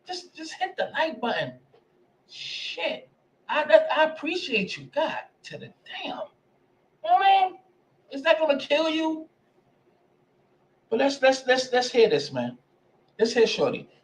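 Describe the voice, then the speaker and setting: A man's voice: very high-pitched, sing-song, normal speed, long pauses, poor audio. A man hosting a casual livestream, rambling and profane, repeating himself as he pleads with viewers. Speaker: livestream host.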